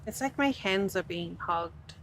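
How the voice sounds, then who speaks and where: A woman's voice: fairly low pitch, expressive, measured pace, fairly bright tone, a little hiss or hum. A tired woman streaming a game, rambling casually to chat as she yawns. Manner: rambling, chatty, yawning.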